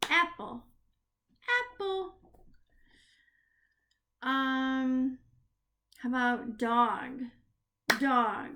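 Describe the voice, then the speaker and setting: A woman teacher giving a literacy lesson to young children, drawing out words slowly and gasping with excitement. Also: sits high. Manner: slow, drawn-out words with excited gasps.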